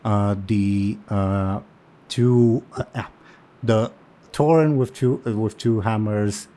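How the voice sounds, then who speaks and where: Slow, halting man narrating a game. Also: lowish voice, mellow. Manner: unhurried, halting with fillers. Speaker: game master.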